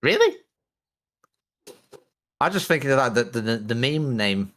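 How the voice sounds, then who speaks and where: A man's voice: mid-range voice, big pitch swings, unhurried, a bit bright. A man with a British accent rambling through stories in casual chat while gaming, chuckling now and then. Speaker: co-player on a stream.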